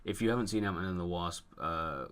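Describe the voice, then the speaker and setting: A man's voice: deep voice, brisk, fairly bright tone, a little hiss or hum. A man co-hosting a casual film podcast, chatty and joking, mocking film dialogue. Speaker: podcast co-host. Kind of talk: casual chat.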